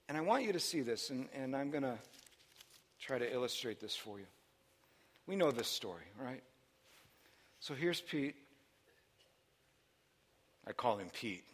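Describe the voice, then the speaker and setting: A man preaching a sermon, telling a story with lively buildups into shouting. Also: fairly high pitch.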